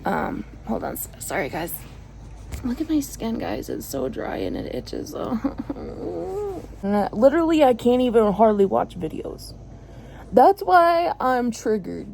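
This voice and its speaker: A woman's voice: a little high, creaky, mellow, slight background noise, poor audio. A woman vlogging from home into her phone, giving a rambling, frank update to her viewers with lots of fillers and dry sarcasm. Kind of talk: casual venting update to viewers. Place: at home, indoors.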